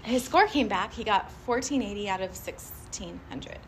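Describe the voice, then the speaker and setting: A woman giving a live motivational talk to a group, animated and chatty, often laughing and asking the audience questions. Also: mid-range voice, normal speed, a little hiss or hum. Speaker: motivational speaker addressing a group.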